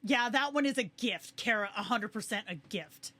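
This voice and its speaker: A young adult woman hosting a livestream in a slightly high voice, gushing and excitable as she chats to her viewers. She talks casually, with quick asides and bursts of enthusiasm. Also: no room sound. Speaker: livestream host.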